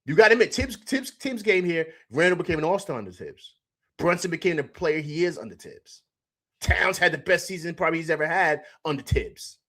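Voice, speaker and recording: A man hosts a live sports reaction stream in a loose, chatty way. His voice sits a bit high for a man, and he repeats himself and laughs a lot. He stops now and then to read viewer comments aloud. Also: lively intonation, brisk, fairly bright tone. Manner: reads out chat comments. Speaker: sports talk show host.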